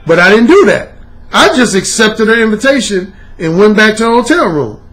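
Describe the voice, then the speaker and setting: A man and dating coach telling a story in a monologue, profane and animated, laughing as he talks. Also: sits high, moderate pace, faint music behind.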